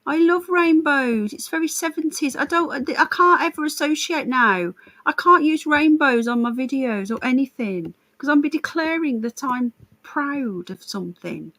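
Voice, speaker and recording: A woman's voice: sits high, animated, moderate pace, bright, forceful tone, low-quality recording. A woman hosting a live stream, chatting casually with viewers in a blunt, sarcastic and sweary way. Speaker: livestream host.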